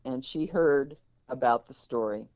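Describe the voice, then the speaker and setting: A woman's voice: a bass voice, a little slow, no echo. An older woman, a guest in an interview, telling an anecdote and acting out the quoted dialogue. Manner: lively, acts out quoted dialogue. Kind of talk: anecdotal storytelling. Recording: dull, dry lo-fi recording.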